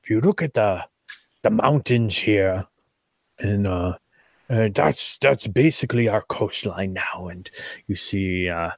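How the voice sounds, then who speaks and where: A man voicing a learned male map keeper, with a failed Scottish accent that drifts into a pirate voice and many halting restarts. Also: on the low side, lively intonation, dry recording, studio quality, full character voice. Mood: musing.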